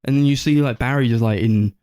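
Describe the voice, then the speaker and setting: A man's voice: medium pitch, fast, dark tone, clean tone, no echo, clean studio sound. A young man co-hosting a podcast, chatting casually about a show and rambling through lots of fillers and swearing. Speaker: podcast co-host. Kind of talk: casual film chat.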